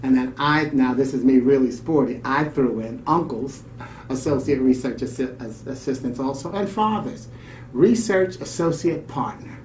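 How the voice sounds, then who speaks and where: A man's voice: medium pitch, moderate pace, a little hiss or hum. A man co-hosting a show, reading a story aloud and adding his own reflective asides. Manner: warm, reflective delivery with off-the-cuff comments. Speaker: radio show co-host. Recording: roomy, distant mic, faint ambience.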